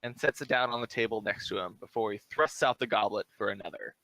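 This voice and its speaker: A man serving as dungeon master, narrating a tabletop session with a bright, forceful edge to his voice. His delivery is easygoing and loose, sprinkled with little fillers. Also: fairly low pitch, quick pace, a little hiss or hum, rough recording. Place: home setup, streamed live.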